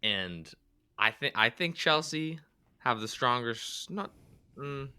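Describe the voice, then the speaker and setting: A man's voice: mid-range voice, expressive, slow pace, sharp tone, clean tone. A man from the US Northeast, a podcast guest thinking aloud and hedging his soccer opinions. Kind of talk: casual soccer podcast chat.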